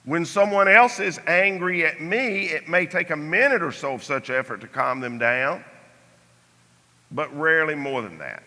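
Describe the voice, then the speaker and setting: An older man teaching a Sunday Bible class in a measured way, dropping to a soft voice on key phrases. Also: on the high side. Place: church hall. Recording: church hall reverb.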